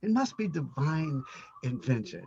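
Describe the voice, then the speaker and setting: An actor playing a haunted, reclusive older husband who talks in a halting, stammering, brooding way. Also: male voice, fairly high pitch, sing-song, darkish tone, lo-fi sound, slight background noise. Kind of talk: amateur audio drama.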